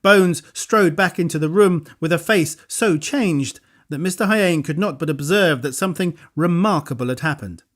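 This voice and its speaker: A man narrating an audiobook thriller in a measured, even storytelling delivery. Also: a little high. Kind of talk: scripted narration.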